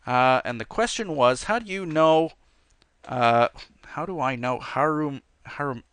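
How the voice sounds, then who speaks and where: A man's voice: medium pitch, animated, a little slow, a bit bright, smooth. A man hosting a let's play, chatting casually and rambling through viewer questions while he plays. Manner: rambling, easygoing, with many fillers. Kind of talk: casual gameplay commentary with viewer Q&A.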